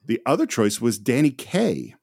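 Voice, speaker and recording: A man's voice: mid-range voice, huge pitch swings, normal speed, creaky, darkish tone, slightly rough, no room sound, clean studio sound. A man hosting a casual film podcast, chuckling often as he shares trivia eagerly. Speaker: podcast host.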